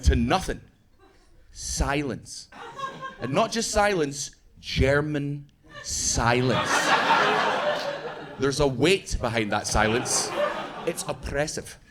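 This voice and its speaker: A man's voice: mid-range voice, slow pace, long pauses, noisy background. A Scottish man performing a stand-up comedy set on stage, telling stories and acting out the people in them. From Scotland. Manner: animated storytelling, acts out characters. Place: comedy club stage before a live audience. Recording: live club crowd laughing. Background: audience laughter.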